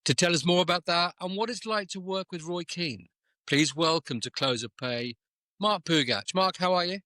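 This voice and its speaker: A man's voice: sits high, moderate pace, sharp tone, no room sound. A man in his fifties hosting a podcast interview, asking questions and making light jokes. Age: 50s. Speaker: podcast host. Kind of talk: casual interview.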